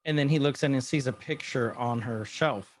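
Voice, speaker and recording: A man's voice: mid-range voice, dry recording. A man co-hosting a podcast, chatting casually and rambling as he retells scenes. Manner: rambling, retells scenes with quick quoted lines. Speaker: podcast co-host. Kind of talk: casual chat recapping a TV episode.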